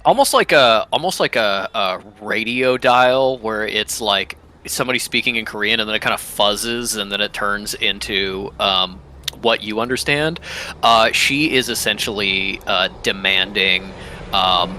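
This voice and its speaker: A man narrates as game master in a tabletop game. His voice is low-pitched but bright and forceful. He speaks haltingly, with frequent ums and restarts. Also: slight background noise. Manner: hesitant, full of ums and restarts.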